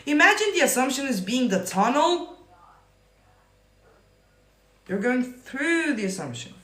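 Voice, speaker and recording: A man coaching manifestation on a live stream, answering viewer comments in a profane, emphatic, often yelling way. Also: very high voice, very animated, moderate pace. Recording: roomy echo.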